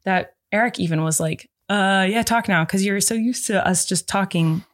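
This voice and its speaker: Young woman cohost chatting casually, talks over her partner, laughs a lot, middle pitch. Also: normal speed. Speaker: podcast co-host. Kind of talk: casual chat.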